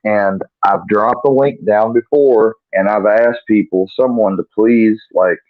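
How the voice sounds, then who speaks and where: A man's voice: on the low side, steady tone, a little slow, no room sound. A man hosting a live stream, chatting casually and bluntly to his viewers with plenty of swearing. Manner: laid-back and profane, talking straight to viewers. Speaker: livestream host. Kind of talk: casual livestream chat. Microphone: laptop mic. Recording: dry, tinny phone-like sound.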